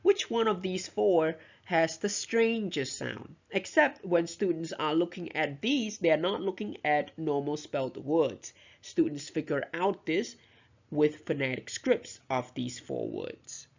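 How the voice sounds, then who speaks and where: Teacher narrating a lesson, gravelly tone, dull lo-fi sound. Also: medium pitch, very animated, measured pace. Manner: explanatory, modelling words aloud, self-correcting. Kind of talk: recorded lecture explaining pronunciation.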